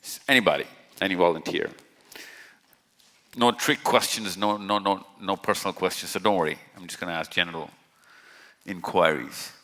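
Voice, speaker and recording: A man with a lowish, bright, forward voice talks casually to a live crowd. He is chatty and jokey and keeps putting questions to the audience. His voice rings out with a long hall reverb. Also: moderate pace. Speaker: speaker at a live event. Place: large hall with stage lights.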